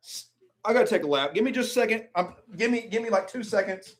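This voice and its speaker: A man reacting live to a football draft in an exasperated, ranting way, swinging between low muttering and sudden outbursts. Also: expressive, fast talker.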